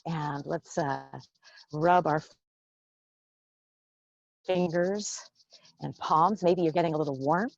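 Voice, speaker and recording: A woman teaching qigong, guiding breath meditation with slow, soothing cues and a playful touch during affirmations. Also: low voice, gravelly, no room sound. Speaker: qigong instructor. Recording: dull, dry lo-fi sound.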